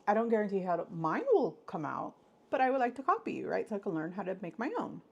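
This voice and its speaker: This woman talks fast on her casual live stream, her husky voice full of vocal fry, and the audio has its highs cut off. She gushes effusively to viewers, swooping up high in her excitement.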